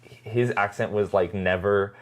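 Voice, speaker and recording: A man's voice: fairly low pitch, steady tone, unhurried. A man co-hosting a podcast in casual chat, hedging often with "like" and "um". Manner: hesitant, hedging with "like" and "um". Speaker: podcast co-host.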